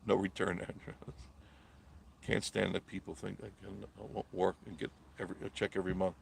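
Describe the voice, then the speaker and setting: A man's voice: low-pitched, flat delivery, a little fast, vocal fry, slight background noise. A man hosting a live stream, delivering a blunt, preachy monologue and answering viewer comments.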